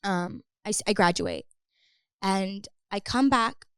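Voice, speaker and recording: A woman's voice: medium pitch, huge pitch swings, measured pace, clean tone, no room sound, clean studio sound. A woman in her twenties, a podcast guest telling a story in a rambling, casual way, full of "like". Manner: rambling, heavy use of "like".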